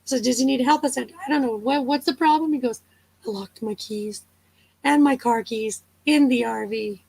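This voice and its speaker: A woman's voice: on the high side, normal speed, creaky, darkish tone, slightly rough, poor audio. A woman hosting a casual live chat, telling stories, chatting with viewers and laughing often. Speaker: livestream host.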